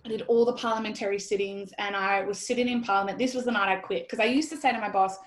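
An Australian woman in her thirties telling a story in an interview, animated and blunt, quoting herself and swearing freely. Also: medium pitch, fast. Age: 30s. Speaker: guest. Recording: roomy echoey sound.

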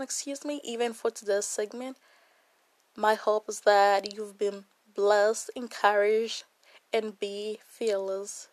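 A woman's voice: mid-range voice, no echo. A woman hosting a casual Bible devotional, talking earnestly and emotionally to her viewers with lots of fillers. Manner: warm, earnest and emotional, with many fillers and laughs. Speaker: Bible study host.

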